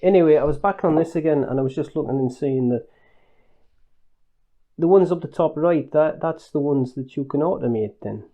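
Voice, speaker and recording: A man voicing a boastful factory owner chatting on the phone, with a deliberately put-on regional accent and breezy, cheeky banter. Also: a little high, very animated, mellow, voice pushed up.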